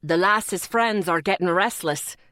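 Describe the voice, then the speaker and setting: A woman voicing a big, good-humored man with a Scottish accent, speaking deep and hearty. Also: a little slow, a bit bright, no room sound, clean studio sound.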